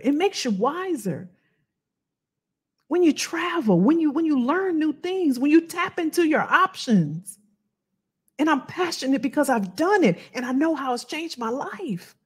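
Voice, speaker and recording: A middle-aged woman giving a passionate motivational talk to her viewers and telling personal stories. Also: sits high. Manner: passionate, emphatic, addresses viewers as "y'all"; tells personal travel stories. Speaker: career coach and video host.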